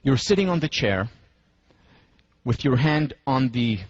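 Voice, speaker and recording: Speaking at medium pitch with a husky, rather breathy quality, this male lecturer is animated but deliberate, easing his pace to emphasize key ideas in a university lecture. He leads the audience through scenarios one step at a time, captured in a dry, slightly dull recording reminiscent of a muffled classroom.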